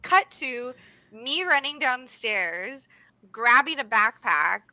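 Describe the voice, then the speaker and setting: A young woman from the United States co-hosts a casual livestream with a bright, tense voice that sits a bit high. She is bubbly, laughs a lot and exclaims as she talks. The sound is dry and close. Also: animated, slow pace, dry recording, rough recording. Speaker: co-host.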